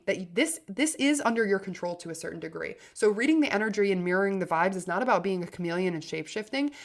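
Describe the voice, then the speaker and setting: Hosting a self-help podcast, this woman has a medium-pitched voice and an energetic, emphatic style. She often starts over mid-phrase, and her loudness shifts dramatically between loud and soft.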